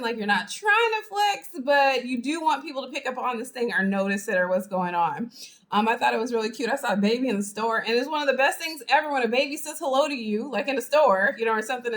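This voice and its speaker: A woman instructor giving a chatty, animated lecture to a live online class, acting out examples as she goes, heard through a video-call microphone. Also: on the high side, fast. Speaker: college instructor.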